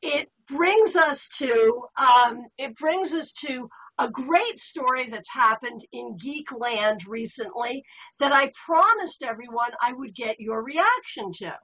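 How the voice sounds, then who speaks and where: A woman hosting a casual talk show, her voice sitting high and bright in pitch. She sounds lively and upbeat. The audio is dull and lo-fi. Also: takes it slowly. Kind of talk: casual chat.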